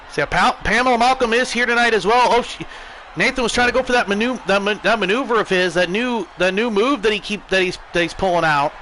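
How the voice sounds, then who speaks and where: An American man calls a wrestling match on his stream with excitable play-by-play energy. His voice sits high for a man and rings bright and sharp. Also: fairly quick, a little hiss or hum, rough recording. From United States.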